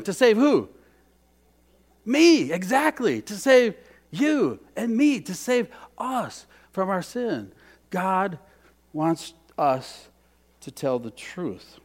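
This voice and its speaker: A man preaching a sermon, moving between hushed, quiet lines and loud, emphatic ones, often repeating phrases for emphasis. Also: high voice, lively intonation, a little slow. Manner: dynamic, swings from hushed to emphatic. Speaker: pastor.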